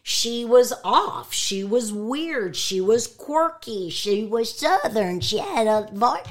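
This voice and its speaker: A woman's voice: on the high side, slow pace. A woman who is a voice actress and stand-up comedian, talking candidly and emphatically in an interview. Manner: animated, emphatic, outspoken.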